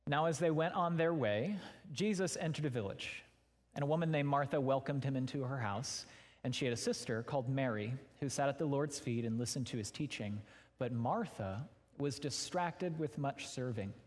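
A man preaching a sermon at a mid-range pitch, his voice trailing into the long reverb of a large hall. He talks in a frank, conversational way, as if chatting with the congregation rather than lecturing. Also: brisk. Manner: conversational, candid, addresses listeners directly. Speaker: pastor.

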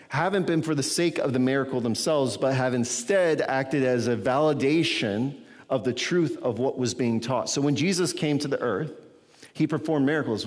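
A man's voice: mid-range voice, long reverb tail. A man preaching a sermon as a pastor, teaching from scripture in a conversational way and often checking in with his listeners.

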